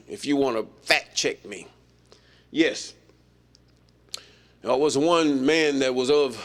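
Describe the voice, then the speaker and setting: A man's voice: medium pitch, fairly bright tone. A man leading an informal Bible study, reading verses aloud and then commenting on them in a folksy, emphatic way. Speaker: Bible teacher.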